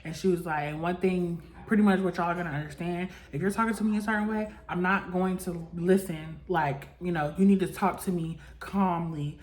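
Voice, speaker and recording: A woman's voice: lowish voice, steady tone, a little fast, hardly any pauses. A young woman in casual chat, recapping a reality show, talking loosely with lots of "like" and acting out what people said. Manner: chatty, full of "like" and acted-out quotes.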